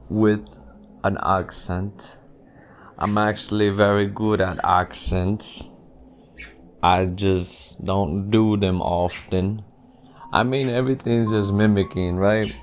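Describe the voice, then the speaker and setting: A man with a fairly low voice chats casually on his one-person podcast, set at home by a window. He swears a lot, laughs often and wanders from topic to topic, with a little background noise behind him.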